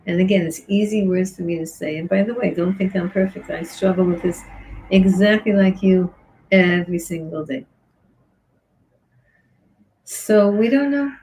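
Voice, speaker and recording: A woman giving a Torah class on Psalms in an earnest, expressive way, acting out back-and-forth dialogue with God. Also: lowish voice, gravelly, poor audio. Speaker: rebbetzin teaching Psalms.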